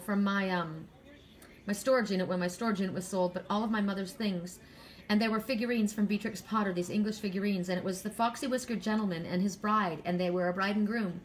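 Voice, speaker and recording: A middle-aged woman doing an oracle card reading, talking in a rambling, chatty, gushing way. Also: medium pitch. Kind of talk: casual card reading monologue.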